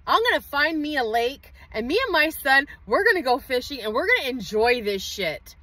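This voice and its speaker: A mother livestreaming from inside her parked truck, venting in a heated, profane rant with quick outbursts. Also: high voice, big pitch swings, pushed and bright, no room sound, rough recording. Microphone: phone livestream.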